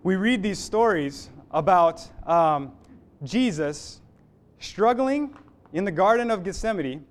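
Earnest high-voiced man preaching. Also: expressive, slow pace. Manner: earnest, rising in fervor, with fillers and restarts. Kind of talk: sermon.

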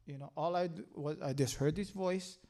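Give me an earnest older man with a fairly high voice, haltingly telling his faith story. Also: warm tone. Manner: halting, earnest, full of "you know" fillers. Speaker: speaker giving a testimony. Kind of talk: personal faith testimony.

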